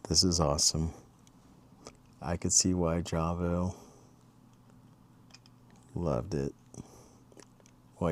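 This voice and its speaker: Male vlogger, low-pitched, slow and meandering, casual storyteller. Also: a little mellow. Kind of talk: casual late-night vlog chat.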